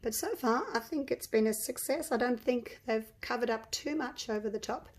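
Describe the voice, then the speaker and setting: Chatty woman with a croaky voice. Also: fairly high pitch, moderate pace. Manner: chatty, thinking aloud, talks to viewers. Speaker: resin craft vlogger. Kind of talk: casual chat while crafting.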